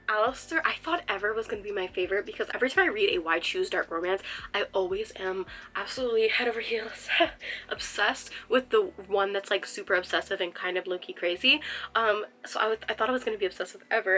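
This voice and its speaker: A woman's voice: medium pitch, pushed and bright, slight background noise, poor audio. A young woman chatting casually as a book vlogger, gushing and rambling with lots of fillers. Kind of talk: casual chat.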